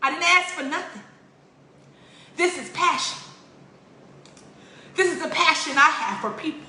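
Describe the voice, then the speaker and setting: A woman's voice: high-pitched, expressive, a little slow, bright, forceful tone, a little hiss or hum. A woman giving an emotional, tearful spoken appeal, pleading in a repetitive preaching cadence. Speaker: religious vlogger. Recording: roomy echo.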